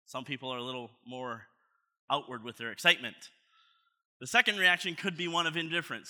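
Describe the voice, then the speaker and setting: A man's voice: mid-range voice, fairly quick, sharp tone. A man preaching a sermon as pastor, in a conversational, playful way, asking his congregation questions at a church service.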